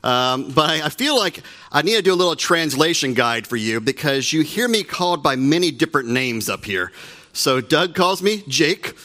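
Bright-voiced joking male pastor. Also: a little high, big pitch swings, normal speed. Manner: joking, conversational, self-deprecating asides. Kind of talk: sermon. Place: church sanctuary.

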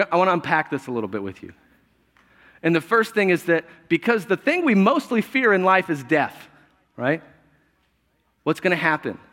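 A man preaching a sermon in a relaxed, conversational way, joking and laughing often as he goes. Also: high-pitched, long reverb tail. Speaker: pastor.

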